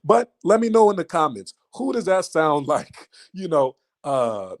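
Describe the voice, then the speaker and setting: A man runs a live stream, addressing his viewers directly with an animated, mocking delivery and repeating lines for emphasis. His voice sits a little high and moves a little slowly.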